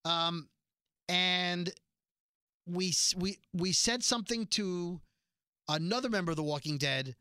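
A man co-hosting a podcast in casual chat, rambling through stories with quick asides and jokes. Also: high-pitched, pushed and bright, clear, resonant tone, dry recording, clean studio sound. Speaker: podcast co-host.

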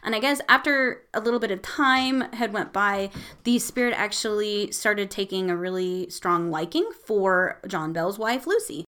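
A woman's voice: medium pitch, expressive, moderate pace, bright, forceful tone, clear, resonant tone. A woman hosting a podcast, casually telling a haunting story, swearing and laughing as she goes. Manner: irreverent, swears freely, laughs often. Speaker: podcast host.

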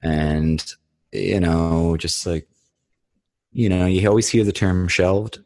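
A man's voice: deep voice, takes it slowly, darkish tone. A man, a touring band musician, telling stories in casual chat, rambling and full of "like" and swearing.

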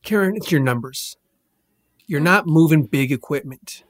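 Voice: medium pitch, lively intonation, moderate pace, lightly acted. A performer voicing an evasive male store boss who hesitates, repeats himself and trails off. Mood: awkward.

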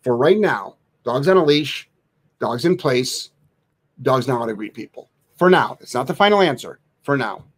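A man who trains dogs, answering live chat questions bluntly, swearing freely and mocking soft owners in a sing-song voice. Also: mid-range voice, normal speed, breathy edge. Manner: blunt, profane, animated, mocks in a sing-song voice. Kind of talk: casual live Q&A.

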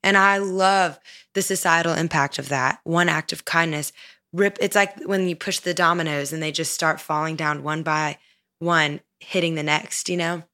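A woman hosts a podcast interview in a fairly low voice. She talks with enthusiasm, reacts warmly to her guest and laughs easily. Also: fairly even intonation. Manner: enthusiastic, affirming, quick to laugh. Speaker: podcast host. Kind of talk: conversational interview.

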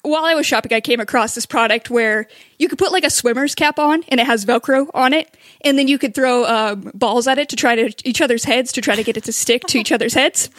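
A woman co-hosting a live stream, telling a story in a relaxed, amused way. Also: a little high, brisk, no echo. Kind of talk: casual storytelling chat.

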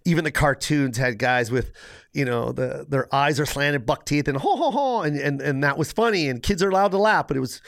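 A man's voice: medium pitch, fairly quick, vocal fry, no room sound, studio quality. A middle-aged man, a guest comedian in casual podcast chat, telling stories with swearing and mimicked voices. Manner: animated storytelling with mimicked voices and frequent swearing.

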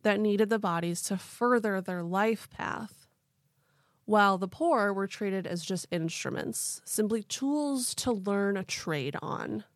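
With an animated yet slow delivery, a young woman co-hosts a true-crime podcast, telling the story casually and relying on "like" and "quote unquote." Her voice is medium-pitched, and the studio recording is dry.

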